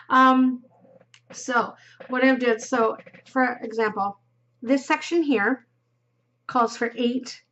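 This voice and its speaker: A woman's voice: a little high, fairly bright tone. A woman hosting a knitting podcast, chatting casually and rambling as she knits, giggling and dropping into murmurs, yawning now and then. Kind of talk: casual chat while knitting. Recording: dull lo-fi recording.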